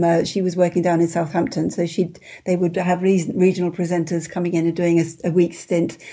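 A woman in her seventies from England answers interview questions in a low, mellow voice. Her tone is husky. She talks in a soft-spoken, measured and self-deprecating way. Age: 70s. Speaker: interview guest. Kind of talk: conversational interview.

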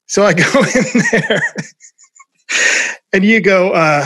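This is a man with a slightly high-pitched voice who spins a long anecdote from his years promoting records. He tells it in a casual, animated way and laughs often along the way. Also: a little slow, pauses often. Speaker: former record label promoter. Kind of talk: storytelling in casual conversation.

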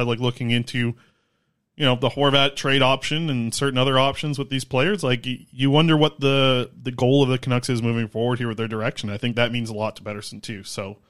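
A man talking quickly in a casual podcast chat, his pitch sitting mid-range for a man. He rambles through hockey notes with plenty of "like" and "you know", keeping a loose, conversational flow. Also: a bit bright. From Canada. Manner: rambling, filler-heavy delivery. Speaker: podcast co-host.

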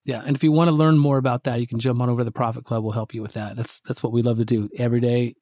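A man co-hosting a podcast, telling a story in casual chat and acting out his own quotes with lively energy. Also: medium pitch, racing, dry recording, clean studio sound. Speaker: podcast co-host.

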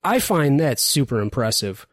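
Animated male podcast host. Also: mid-range voice, normal speed, no room sound. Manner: animated, enthusiastic, hands off turns. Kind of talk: casual game awards chat.

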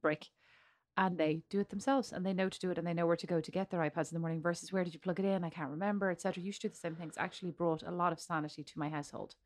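A woman's voice: lowish voice, steady tone, rapid-fire. A middle-aged woman with an Irish accent co-hosting a podcast in casual chat, teasing and rambling, laughing often. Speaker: podcast co-host.

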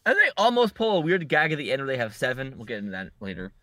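A man's voice: medium pitch, huge pitch swings, fast, pushed and bright, no room sound. A man co-hosting a podcast, recapping a movie in a rambling, joking way with many restarts. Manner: rambling, self-correcting recap with wry jokes. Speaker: podcast co-host. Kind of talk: casual chat.

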